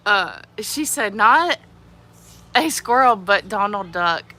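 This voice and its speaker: Giggly woman with a bright childlike voice. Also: medium pitch, slow, a little hiss or hum. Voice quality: childlike, youthful-sounding voice. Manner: giggly, animated, laughs often. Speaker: livestreamer. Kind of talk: casual live chat reading viewer comments.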